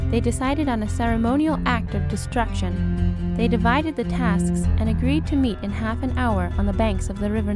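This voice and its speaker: Woman reading an audiobook dramatically, kinda high voice, movie music under it. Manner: measured, dramatic storytelling. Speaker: audiobook narrator. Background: orchestral film score.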